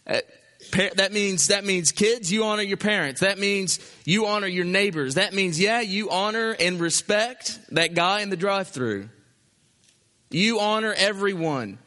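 Male pastor, sermon delivery, high bright voice, reverberant hall. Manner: animated, acts out an imagined objector.

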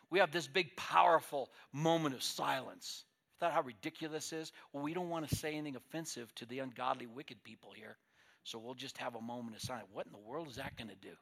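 A male pastor preaching a sermon, swinging between loud declarations and quiet asides. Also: mid-range voice, a little fast, gravelly.

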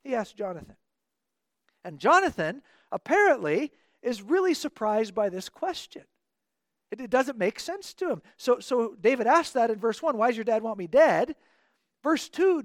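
Guy with a highish voice doing bible teaching, earnest, explains stuff, acts out the quotes, dry sound. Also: very animated, normal speed, no echo.

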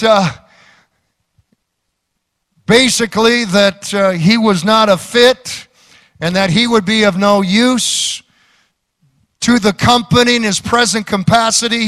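A male pastor preaching a sermon slowly and emphatically, with laughs and sudden lifts in his voice. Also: high voice, steady tone, a bit bright.

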